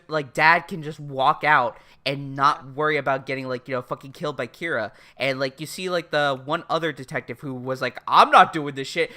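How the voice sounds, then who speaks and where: A woman's voice: rumbling low, sharp tone. A woman co-hosting a casual podcast recap, swearing freely and acting out characters' lines as she retells the plot. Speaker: podcast co-host.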